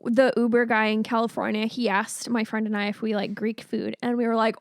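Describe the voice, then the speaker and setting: Chatty high-voiced Canadian woman. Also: fairly even intonation, fairly quick, few pauses, no room sound, clean studio sound. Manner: chatty storyteller, loose and swearing. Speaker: podcast co-host. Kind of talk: casual movie review chat.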